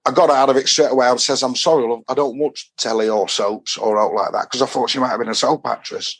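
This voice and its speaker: A talkative Yorkshire man in a casual podcast chat, spinning one rambling anecdote into the next. His voice sits at an ordinary middle pitch, and he slips into the voices of the people he quotes as he goes. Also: fairly even intonation, fast talker, breathy edge. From Doncaster, England. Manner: rambling storyteller who acts out quoted dialogue. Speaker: football fan guest.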